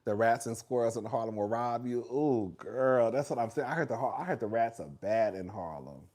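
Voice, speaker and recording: A man's voice: medium pitch, expressive, brisk, darkish tone. A man hosting a casual chat with viewers in a gossipy, chatty way, calling everyone "girl" and laughing often. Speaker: host.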